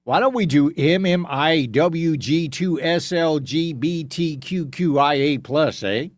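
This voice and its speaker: A man's voice: fairly high pitch, measured pace, no echo, close to an everyday voice. Casting: a man hamming up a folksy Canadian caricature with a fake Canadian accent and a sing-song, mocking lilt, dry close sound. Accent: put-on Canadian, saying eh.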